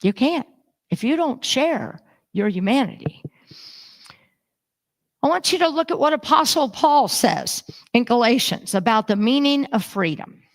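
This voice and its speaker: Speaking unhurriedly in a high voice, a woman minister preaches from a church sanctuary. She brings her stories to life by voicing the people in them.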